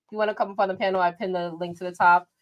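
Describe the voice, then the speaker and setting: A woman's voice: lowish voice, little pitch movement, rapid-fire, lo-fi sound. A woman hosting a livestream, reacting to a video with brash, profane and theatrical outrage. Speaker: livestream commentary host.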